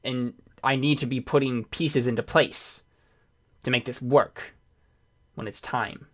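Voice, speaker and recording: A man's voice: mid-range voice, fairly even intonation, unhurried, a bit bright. A man voicing a pushy, scheming recruiter in a tabletop game, pressing for an answer. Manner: pressing, insistent.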